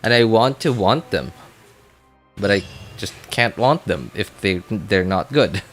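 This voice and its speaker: A man's voice: on the low side, expressive, unhurried, music in the background. A man streaming a video game and chatting casually, rambling and often cutting himself off mid-sentence. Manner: rambling, self-interrupting, chatty. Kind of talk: casual gameplay commentary.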